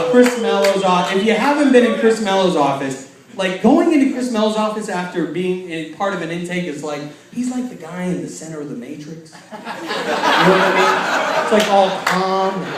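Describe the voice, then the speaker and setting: A man's voice: high voice, heavy background noise. A young man telling a self-mocking stand-up story, rambling with lots of fillers. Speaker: stand-up comedian. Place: large hall with audience. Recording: echoey hall, mic from far off, loud crowd. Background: audience laughing.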